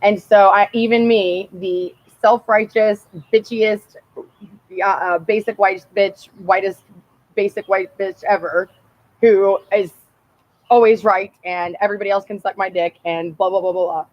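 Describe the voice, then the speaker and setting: With a mid-range voice and an unhurried delivery, a young woman rambles through a story while vlogging outside. Her telling is casual, animated, and full of profanity, punctuated by frequent laughter, and the recording's highs are cut off.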